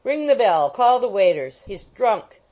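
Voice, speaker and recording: A woman doing a blustering old gentleman. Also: fairly high pitch, big pitch swings, normal speed, pitched above the performer's own voice, rough recording. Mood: furious. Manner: blustering, shouting orders. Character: hot-tempered old country gentleman.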